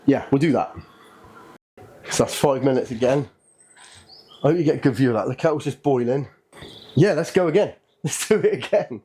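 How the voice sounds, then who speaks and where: A man at an ordinary middle pitch, chatting his way through a hands-on project for his own channel. He sounds excitable and a little jittery, thinking aloud and commenting on each step as he goes. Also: moderate pace, pauses often, a little hiss or hum. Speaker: channel host. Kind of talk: casual hands-on workshop narration.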